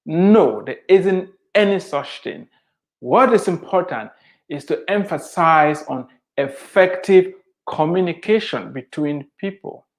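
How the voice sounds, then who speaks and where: Slow, emphatic man. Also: on the high side, animated. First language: Mundani. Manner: emphatic, preachy, repeats key points. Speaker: author giving advice to immigrants. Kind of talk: earnest motivational talk.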